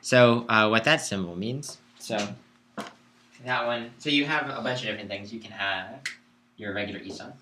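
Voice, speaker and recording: A man's voice: fairly low pitch, moderate pace, bright, forceful tone, reverberant, slight background noise. A man teaching a live group lesson on Byzantine chant, explaining patiently and singing the notes to show them. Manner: explains patiently, sings note syllables to demonstrate. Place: indoor lesson room.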